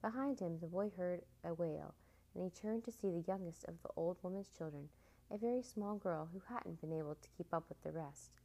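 A woman reading a children's storybook aloud with expressive, animated delivery. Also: on the low side, moderate pace, rough recording.

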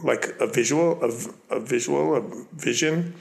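A man's voice: medium pitch, normal speed, creaky. A middle-aged man with a Long Island accent, an artist talking in a casual interview, rambling and often correcting himself mid-sentence. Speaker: artist and curator, interview guest. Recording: roomy echo.

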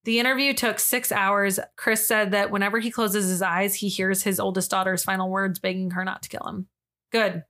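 Woman co-host for a true-crime podcast, mid-pitched, reads case notes and then gives her frank view. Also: level tone, moderate pace, bright, forceful tone. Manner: reads case details then gives blunt, disgusted opinions.

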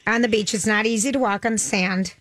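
A woman co-hosting a casual chat, throwing in quick playful remarks. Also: medium pitch, fairly even intonation, fairly bright tone, no echo, studio quality.

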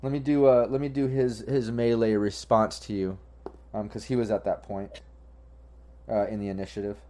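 A man's voice: fairly low pitch, little pitch movement, moderate pace, warm tone. Casual, profane man game master. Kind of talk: narrating a tabletop game.

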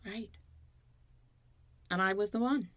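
A woman's voice: medium pitch, slow, fairly bright tone, no room sound. A woman in her fifties, a guest telling her story in an earnest, emotional way during a candid interview.

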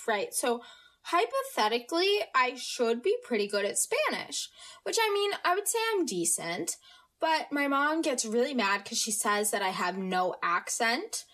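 A woman's voice: on the high side, sharp tone. A teenage American girl hosting a podcast, chatting casually about school with plenty of fillers and self-mocking asides. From United States. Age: teens. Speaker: podcast host. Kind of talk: casual solo podcast chat.

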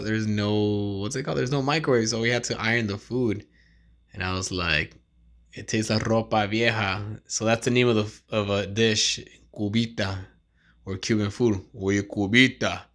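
A man's voice: fairly low pitch, fairly bright tone. A man in his thirties hosting a podcast in casual chat, rambling, slangy and profane. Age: 30s. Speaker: podcast host.

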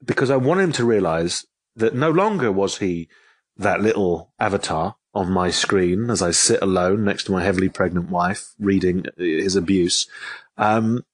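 A man tells a story as a guest in an interview. His voice sits low and a little husky. He often repeats and restarts his phrases as he goes. The recording is dry and close. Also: moderate pace, dry recording. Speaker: author and guest. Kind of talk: telling an anecdote in an interview.

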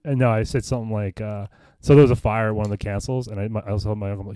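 A man co-hosting a casual podcast from a bedroom, rambling and self-conscious, often trailing off quietly. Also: lowish voice, fairly even intonation, rapid-fire, dry recording. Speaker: podcast co-host. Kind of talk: casual chat. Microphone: podcast mic in a bedroom.

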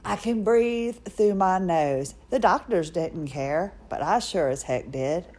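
With a lowish, darkish voice, a middle-aged woman hosting a podcast tells a personal story slowly yet animatedly. Her casual monologue is chatty and self-mocking.

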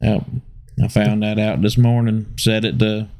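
A man chatting on a podcast from a living room sofa, playful and quick to laugh, speaking into a table mic. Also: lowish voice, flat delivery, dark tone. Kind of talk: casual chat.

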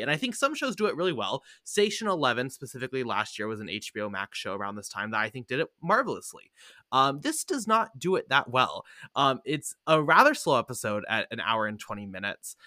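Male podcast host, casual chat, animated pitch, bright tone. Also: no room sound, studio quality.

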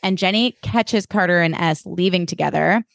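A woman's voice: on the low side, moderate pace, creaky, no room sound. Young woman co-host, sarcastic and playful, dry close sound. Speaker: podcast co-host. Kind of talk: casual recap chat.

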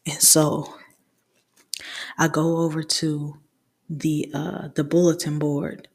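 A woman in her twenties casually telling a personal story for her podcast, in a hushed, often half-whispered, rambling and candid way. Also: sits low, little pitch movement, slow, gravelly, slightly rough. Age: 20s.

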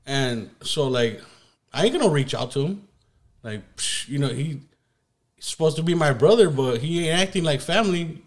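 A young man with a fairly high voice co-hosts a casual podcast. He talks straight up in street slang and curses freely. He sounds relaxed among friends. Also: normal speed. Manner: blunt, streetwise slang, swears a lot. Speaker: podcast co-host. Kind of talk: casual chat.

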